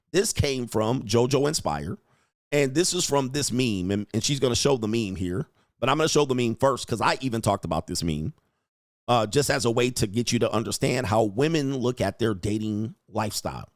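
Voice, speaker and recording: A man's voice: medium pitch, no room sound, clean studio sound. A middle-aged man hosting casual commentary, brash and crude, laughing often. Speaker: host. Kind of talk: casual commentary reacting to clips.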